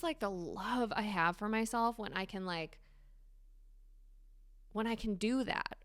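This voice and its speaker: A woman hosting a solo podcast, talking candidly and swearing freely with animated emphasis. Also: medium pitch, smooth, no room sound, clean studio sound. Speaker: podcast host. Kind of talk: casual solo podcast monologue.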